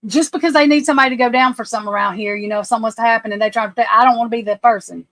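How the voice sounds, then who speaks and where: A woman's voice: on the high side, steady tone, very fast, fairly bright tone, no room sound, rough recording. A woman hosting a casual livestream, anxious and flustered, often breaking off and restarting her sentences. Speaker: livestream host.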